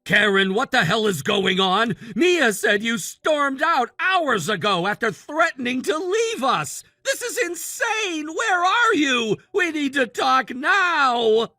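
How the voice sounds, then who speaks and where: A man's voice: very high voice, lively intonation, slow, few pauses, bright, forceful tone, dry recording, studio quality, exaggerated voice. A synthetic male text-to-speech voice reading an impatient, scolding middle-aged husband in a text-message story. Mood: exasperated.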